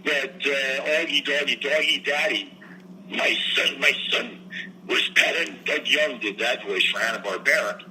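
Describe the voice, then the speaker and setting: A man's voice: medium pitch, moderate pace, pushed and bright, a little hiss or hum, rough recording. An older man from New Jersey, a guest entertainer, telling his story in a meandering way with many fillers and restarts. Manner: meandering, frequent fillers and restarts, clears throat. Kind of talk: rambling casual interview answers.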